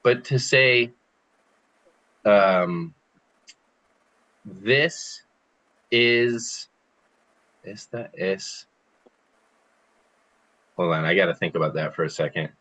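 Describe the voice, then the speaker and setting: A man's voice: low voice, slow, long pauses, sharp tone, rough recording. A man teaching an online group language lesson over a computer, patiently explaining and repeating phrases for students to copy. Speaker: Spanish teacher.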